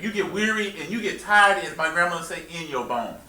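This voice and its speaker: A minister teaches and preaches to a small congregation in a worship hall, drawing call-and-response and joking along the way. His high voice is brisk, pushed, and bright, with lively intonation. The recording was taped from afar in an echoey room.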